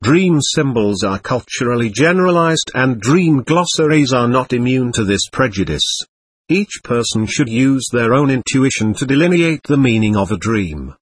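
A man reads an audiobook in a measured, even manner. His voice is husky, and the recording is close and dry. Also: medium pitch, no room sound. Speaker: audiobook narrator. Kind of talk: scripted narration.

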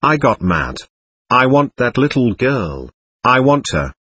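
A stubborn, sulky little ghost girl, defiant and quick to stamp her feet, as a male reader puts her on. The voice is husky and lively in pitch, recorded close and dry with no room around it. It comes from a spoken-word reading of a seance account. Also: dry recording, exaggerated voice. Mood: defiant, sulking. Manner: petulant, defiant. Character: angry spirit of a young girl, willful and stamping.

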